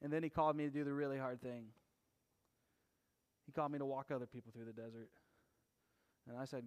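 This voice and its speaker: A man preaching a sermon as pastor, talking casually and joking at times, then building to emphatic shouts. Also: mid-range voice, steady tone, brisk, long pauses.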